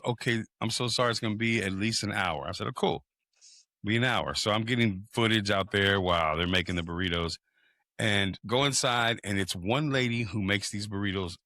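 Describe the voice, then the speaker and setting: A man's voice: on the low side, no room sound, studio quality. A man telling a long story on a podcast, swearing freely and acting out what people said. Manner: animated, profane, acts out quoted people. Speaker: podcast co-host. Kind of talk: casual storytelling chat.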